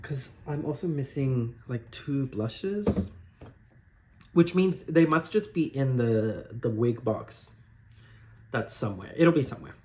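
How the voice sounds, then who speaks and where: A man's voice: mid-range voice, expressive, slow, a little mellow, a little hiss or hum. A young man hosting an unedited drag makeup tutorial at home, chatting in a campy, rambling, gossipy way as he works. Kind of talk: casual chatty talk while doing makeup. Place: warm room at home.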